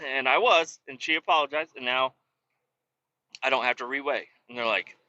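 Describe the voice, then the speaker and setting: A man's voice: medium pitch, normal speed, bright, forceful tone, dull audio. A man, a truck driver, casually telling stories on a vlog from inside his truck cab, chatty and profane.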